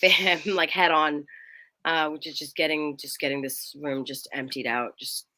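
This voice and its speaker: A woman's voice: sits low, steady tone, moderate pace, pushed and bright, dry recording. A woman co-hosting a casual chat show, giggly and rambling, often correcting herself, recorded in a room at home. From England. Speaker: co-host.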